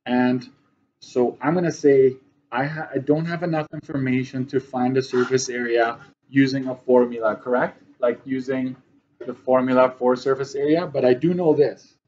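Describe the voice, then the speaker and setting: A man's voice: mid-range voice, fairly even intonation, normal speed, a little mellow, highs cut off, a little hiss or hum. A male math teacher giving a classroom lesson, often checking that his students follow.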